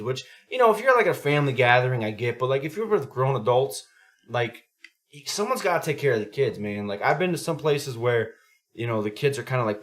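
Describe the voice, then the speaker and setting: Bright-voiced man telling profane stories. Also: medium pitch. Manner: profane, rambling storyteller who acts out quotes loudly. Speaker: podcast co-host. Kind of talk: casual chat.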